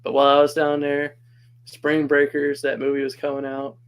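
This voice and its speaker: A man's voice: fairly high pitch, completely flat delivery, moderate pace, slight background noise, low-quality recording. A man casually telling a personal story as a podcast guest, chatty and laughing often.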